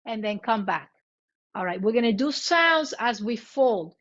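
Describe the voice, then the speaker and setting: A woman guiding a chair yoga class, giving cues in both English and Spanish and demonstrating loud vocal sounds. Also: on the high side. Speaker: yoga instructor. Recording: muffled lo-fi recording.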